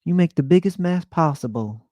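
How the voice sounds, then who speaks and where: A man voicing a gentle, flamboyant male pet-service worker with a slight Southern accent and a soft, lilting, sympathetic way of talking. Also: on the high side, lively intonation, moderate pace, no room sound, studio quality, pitched above the performer's own voice, close to an everyday voice. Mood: gushing.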